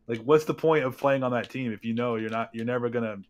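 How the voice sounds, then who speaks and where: A man's voice: medium pitch, quick pace, dull audio. A man chatting casually on a stream, rambling through half-formed ideas, swearing and laughing often.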